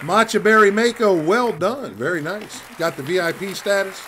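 High-voiced man hosting an open mic. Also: moderate pace, bright, forceful tone. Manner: loose, profane, joking. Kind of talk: casual hosting banter.

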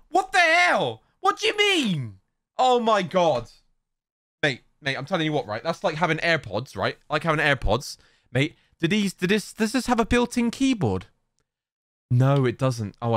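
Animated young man ranting. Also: medium pitch, no room sound, studio quality. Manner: exclaiming, exasperated, reads posts aloud. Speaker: YouTuber reacting to social media posts. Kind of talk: casual reaction commentary.

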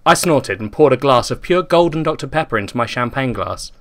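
A man, a podcast host reading his comedic fan fiction aloud in a dry, deadpan way. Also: mid-range voice, brisk.

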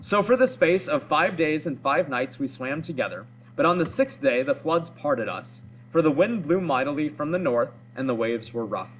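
A man's voice: a little high, expressive, normal speed, few pauses, a bit bright, slight background noise, rough recording. A man reading the lines of a proud, boastful male hero in solemn, old-fashioned speech. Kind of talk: read-aloud of a story.

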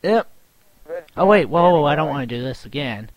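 A man's voice: on the high side, lively intonation, moderate pace. A young man giving casual, self-mocking commentary while playing a game, yelping and groaning at it. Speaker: let's play gamer. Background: game music.

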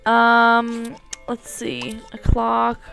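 A woman's voice: on the high side, monotone, drawn-out words, vocal fry, a bit bright, soft background music. A woman rambling and giggling as she comments on her video game play. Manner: chatty and rambling, giggles often. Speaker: let's play gamer.

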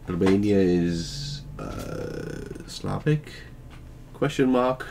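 A man with a very deep voice trades teasing jokes with his co-host during a game stream. He talks slowly, and his pitch swings widely as he clowns around. Faint noise hums behind him. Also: animated. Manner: joking, teasing banter. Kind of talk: casual gaming chat.

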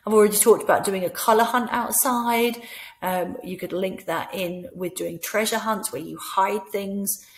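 A woman with a Scottish accent giving instructional advice to teachers, now and then slipping into a bright voice as she acts out talking to children. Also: medium pitch, fairly even intonation, moderate pace. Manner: demonstrates by speaking to imagined children in a bright teacher voice. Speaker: teacher trainer. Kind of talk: instructional talk with classroom role-play.

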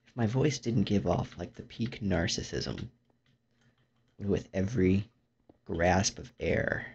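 A man's voice: slow, darkish tone, a little hiss or hum. A young man commentating his own gameplay in a dry, rambling, self-mocking way. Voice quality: low gravelly voice. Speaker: gaming YouTuber. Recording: dull lo-fi mic.

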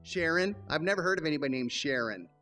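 A man voicing an excitable, scatterbrained male bunny puppet in a children's puppet show, giggling and stammering as he talks. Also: a little high, fast talker, soft background music. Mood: excited.

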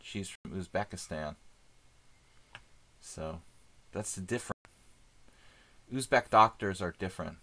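A man streaming live chess, thinking aloud in casual commentary with many fillers and pauses. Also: deep voice, sharp tone.

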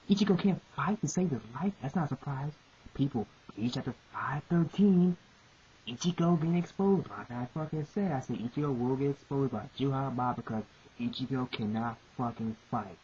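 A woman giving profane, repetitive, exasperated ranting commentary on a comic chapter. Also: very deep voice. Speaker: manga reviewer. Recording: muffled lo-fi recording with hiss.

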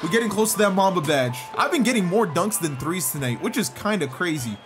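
A man giving excited gameplay commentary as a gaming YouTuber, shouting and groaning at the game as it goes. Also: sits high, brisk. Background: game music and sounds.

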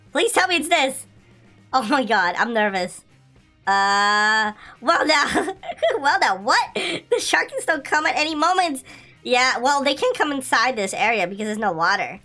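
Young woman, game commentary, very high and bouncy voice, bright tone, giggly, faint music behind. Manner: excitable, giggly, exclamatory. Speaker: gaming channel host.

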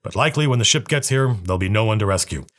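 A man reading as a quiet, guarded desert ecologist. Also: lowish voice, animated. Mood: measured. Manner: quiet, measured, murmured.

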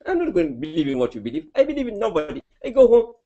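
Blunt, stubborn adult man voiced by a male preacher in a sermon story, curt and lively. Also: high voice, very fast, dull audio, pitched above the performer's own voice.

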